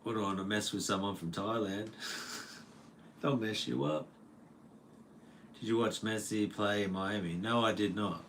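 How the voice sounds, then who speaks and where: A man's voice: fairly low pitch, unhurried, gravelly, pauses often, fairly bright tone, a little hiss or hum. A man with an Australian accent, casually chatting with his livestream viewers, laid-back and jokey with lots of laughs and slang. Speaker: livestream host. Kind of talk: casual livestream chat reading comments. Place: home.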